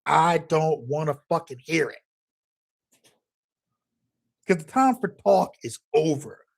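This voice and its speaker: A man's voice: on the high side, expressive, slow pace, vocal fry. A man delivering a heated, profane political rant as a commentator, emphatic and angry throughout.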